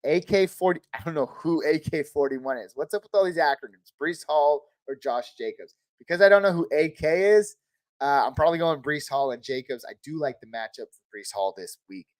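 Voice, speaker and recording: Casual fantasy football livestream host. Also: male voice, fairly high pitch, expressive, no echo. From Northern California. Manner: quick, casual start-or-sit verdicts. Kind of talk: live Q&A answering chat questions.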